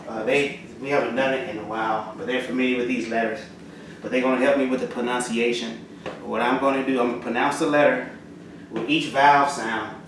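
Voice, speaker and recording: A man teaching the Arabic alphabet in a halting, casual way, with lots of fillers and slow, clear letter drills. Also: mid-range voice. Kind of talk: casual spoken lesson. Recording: roomy echo from far off, audible noise.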